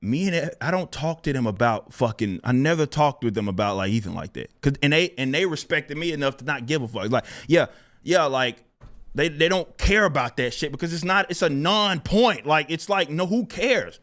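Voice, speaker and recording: Animated, incredulous man ranting on stream. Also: normal speed. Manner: animated, incredulous, swings between loud exclamations and low muttering; laughs often, swears freely. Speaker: livestream host. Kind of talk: casual livestream rant.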